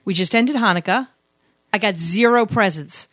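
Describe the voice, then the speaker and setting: A woman co-hosting a podcast in easy, rambling banter, quick to contradict her partner. Her voice sits at an ordinary pitch and is recorded dry, with little room sound. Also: a bit bright, no echo. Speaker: podcast co-host. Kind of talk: casual banter and interview.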